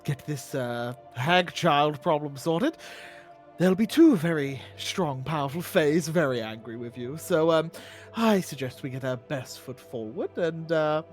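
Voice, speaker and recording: A man's voice: a little high, expressive, a little slow, faint music behind. A man playing in a tabletop game, speaking casually with many hesitations. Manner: drawling with many uhs. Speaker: player.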